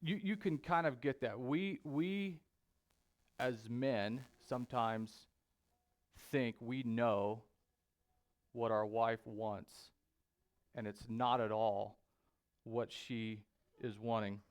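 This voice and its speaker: A man preaching a sermon in a church, speaking deliberately with frequent pauses and fillers. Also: mid-range voice. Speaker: pastor. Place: church sanctuary.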